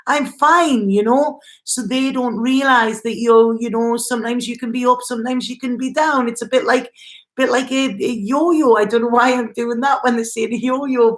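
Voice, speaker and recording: Chatty woman giving a tarot reading. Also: fairly high pitch. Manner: chatty, repetitive, reassuring; addresses viewer directly. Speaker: tarot reader.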